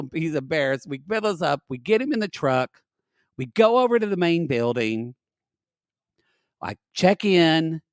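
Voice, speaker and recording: A man co-hosting a podcast, telling a long story in casual chat, animated and profane, recorded on a dry, close mic. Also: on the high side, no echo. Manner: animated, profane storytelling with dramatic quoted outbursts. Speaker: podcast co-host.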